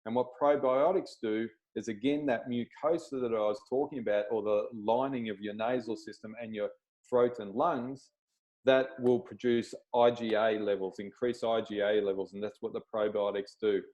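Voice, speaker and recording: A man's voice: fairly low pitch, fairly even intonation, moderate pace, a little mellow, muffled recording. Man explaining health on a webinar. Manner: plain-spoken, checks in with "okay?". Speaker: chiropractor.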